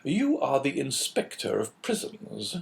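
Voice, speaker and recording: A man voicing a calm, phlegmatic English businessman in an audiobook, cool and measured. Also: mid-range voice, vocal fry, heavily acted.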